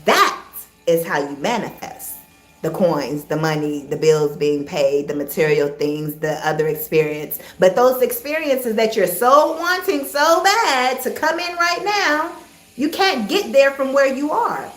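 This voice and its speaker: A woman's voice: fairly high pitch, expressive, measured pace, faint music behind. Encouraging woman coach, echoey room. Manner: soothing, encouraging, repeats key phrases. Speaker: spiritual life coach hosting a live meditation. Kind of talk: casual spoken live stream.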